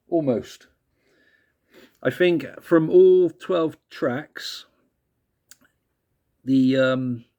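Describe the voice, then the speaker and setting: A man's voice: mid-range voice, a little mellow. Laid-back man reviewing music, swearing casually. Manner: laid-back, frequent laughs and swearing, rambling asides.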